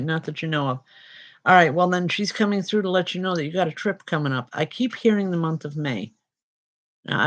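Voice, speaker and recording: A woman working as a spiritual medium, giving readings. She calls people by name and passes on spirit messages in a reassuring way. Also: low voice. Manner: addresses people directly by name.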